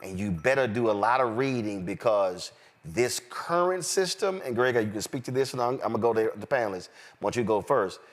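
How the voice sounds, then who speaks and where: A man's voice: fairly low pitch, sing-song, fairly quick. A man hosting a panel talk show, speaking with an emphatic, preaching cadence and directing his panelists. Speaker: host.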